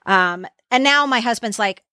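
A woman's voice: fairly high pitch, normal speed, pushed and bright, no room sound, clean studio sound. A middle-aged woman co-hosting a podcast in casual chat, talking with many ums and acting out movie quotes. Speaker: podcast co-host.

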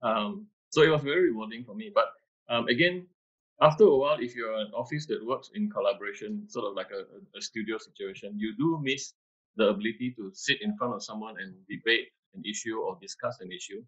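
A man, an architect answering interview questions over a video call, halting and restarting often. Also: on the low side, fairly bright tone, breathy edge. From Malaysia. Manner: hesitant, many restarts and fillers. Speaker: architect, panel guest. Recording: muffled video-call audio.

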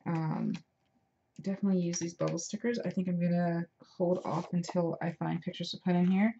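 A woman's voice: lowish voice, little pitch movement, fairly quick, vocal fry, dark tone. A woman hosting a casual crafting tutorial, chatty and self-deprecating as she talks while working. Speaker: craft video host. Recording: dull lo-fi home recording with noise.

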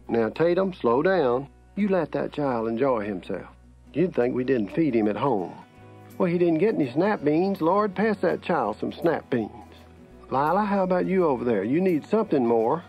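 A man with a Southern accent voicing chattering Southern family relatives, mostly women, passing dishes at supper. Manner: folksy, overlapping table chatter, raised falsetto pitch. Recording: slightly muffled, faint music.

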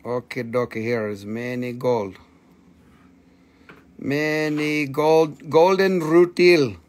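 A man's voice: mid-range voice, slow. A man hosting a live-stream sale, playful and joking, bantering with viewers and himself into a phone. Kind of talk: live-stream sales pitch.

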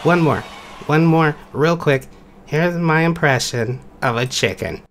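A man's voice: a little high, a little slow, background noise. A man voicing a cheerful young male wolf who does impressions on a talent show. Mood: eager. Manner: chipper, eager.

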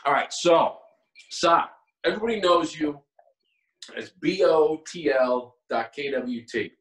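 A man's voice: on the high side, unhurried, fairly bright tone. A man co-hosting a casual podcast, easygoing, chuckling and restarting his sentences. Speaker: podcast co-host. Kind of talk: casual chat. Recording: roomy audio from far off the mic.

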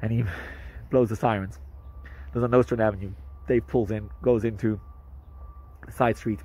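A man, a rabbi, telling a story to camera in an animated way, with hesitant restarts and fillers. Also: moderate pace, slightly rough, low-quality recording. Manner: animated, jumps up in pitch for quoted speech.

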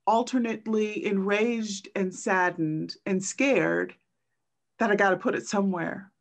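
A woman poet speaking slowly over a video call, her voice edged with a gravelly creak. She talks in a halting, thoughtful way, pausing often and filling gaps as she tells her stories. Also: mid-range voice. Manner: slow, halting and thoughtful, with many pauses and fillers. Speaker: poet and teacher. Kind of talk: reflective storytelling in a virtual book talk.

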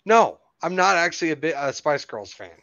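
A man co-hosting a podcast in casual chat, telling stories in an animated way and laughing often. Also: on the high side, brisk, dry recording, muffled recording. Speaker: podcast co-host.

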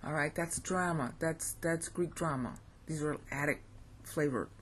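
American woman reading greek out loud, low voice, faint hiss behind, keeps fixing herself. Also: a little slow. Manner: self-correcting, thinking aloud, repeats phrases rhythmically. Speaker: Greek language teacher. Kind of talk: casual recorded lesson, reading Greek aloud.

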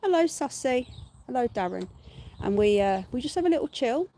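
Chatty British woman, slightly high voice. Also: animated, a little fast, dark tone, slight background noise. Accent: British English. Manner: chatty, laughing, swears freely. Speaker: live-stream host. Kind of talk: casual live-stream chat. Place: back garden outdoors.

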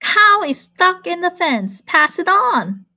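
A woman's voice: very high voice, sing-song, slow, pushed and bright, pitched above the performer's own voice, exaggerated voice. A woman voicing a small, helpful male bee in a storybook, earnest and urgent.

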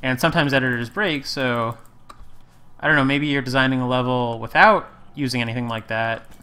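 A man's voice: medium pitch, brisk, bright, forceful tone, clear, resonant tone. A man casually commentating his gameplay, rambling and correcting himself with wry asides. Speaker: let's play host.

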